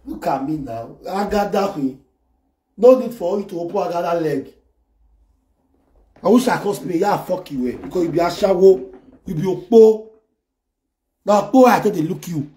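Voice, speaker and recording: A man with a Nigerian accent rants and jeers, swinging between loud taunts and low muttering. His voice sits a little high for a man. The sound is roomy, with the voice bouncing around the space. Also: normal speed, long pauses. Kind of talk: ranting online commentary.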